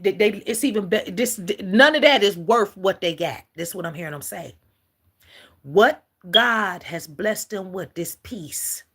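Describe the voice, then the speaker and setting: A middle-aged woman gives an emotional, halting spiritual message on a livestream, often calling her viewers "collective.". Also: lowish voice, fairly bright tone, breathy edge. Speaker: spiritual reader.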